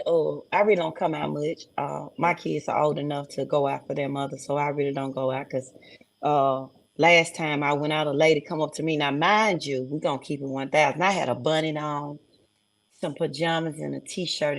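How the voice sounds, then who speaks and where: A woman, a guest telling a story in a lively, animated way with easy laughter. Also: low voice, moderate pace, creaky. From Mississippi Delta, USA. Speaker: guest musician. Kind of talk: casual interview chat.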